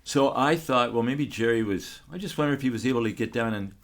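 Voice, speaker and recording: An older man, a photographer, telling a story in a relaxed, rambling way, full of restarts and fillers. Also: medium pitch, fast talker. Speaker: photographer, guest.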